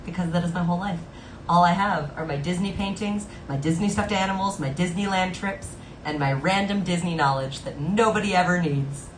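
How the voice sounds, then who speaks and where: A woman with a lowish voice hosts a live stream, singing and chatting playfully between songs, speaking fairly quickly and laughing often as she tells stories. The room sounds roomy with guitar playing behind her, plus a little hiss or hum.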